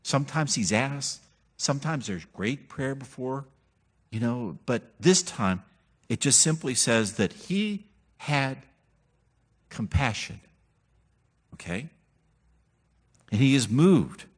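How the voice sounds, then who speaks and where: A man's voice: medium pitch, slow, pauses often, breathy edge. A man preaching a sermon as pastor, telling the story in a conversational, humorous way and acting out the characters he quotes. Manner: animated, acts out quoted characters.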